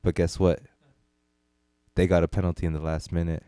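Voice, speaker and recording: A low-pitched man co-hosting a casual movie podcast, telling stories in a relaxed way. His voice is smooth and resonant, recorded dry and close with no room sound. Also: fairly quick, no echo. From United States. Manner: laid-back storytelling, quotes others in low asides. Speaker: podcast co-host. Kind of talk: casual chat.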